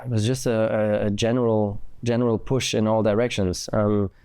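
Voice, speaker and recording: A man in his thirties, a former racing driver, telling stories as an interview guest in a lively, animated way. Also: lowish voice, moderate pace, clean tone. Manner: animated, acts out quotes, frequent fillers. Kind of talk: conversational storytelling interview.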